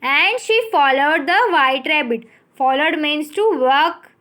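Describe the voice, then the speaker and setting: A woman teacher with an Indian English accent, giving a recorded English lesson, explaining words slowly and spelling them out letter by letter. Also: sits high, bright, forceful tone.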